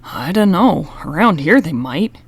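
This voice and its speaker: A woman's voice: lowish voice, expressive, a little slow, a little mellow. A woman reading an audiobook, voicing a nervous teenage boy who talks in a worried, jumpy way.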